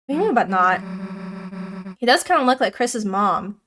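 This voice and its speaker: A woman voicing a shy, anxious teenage reindeer girl while reading game dialogue aloud, in a soft, hesitant manner. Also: fairly high pitch, sing-song, normal speed. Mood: uneasy.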